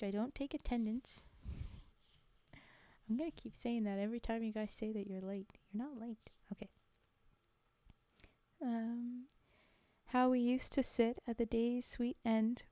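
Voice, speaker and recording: A woman's voice: fairly high pitch, mellow, dry recording. A woman on a live stream reciting poems aloud through a desk mic, with chatty, self-deprecating asides to her viewers. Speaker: streamer reading poetry. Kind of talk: live-stream poetry reading with casual chat. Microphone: desk mic on a streaming setup.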